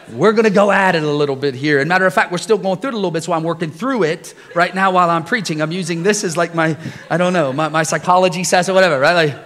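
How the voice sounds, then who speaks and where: A man preaching a relaxed, conversational sermon to his congregation, telling personal stories with frequent chuckles and questions to the crowd. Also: on the high side. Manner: jokey, chuckles often, asks the congregation questions. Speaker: pastor. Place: church service before a congregation.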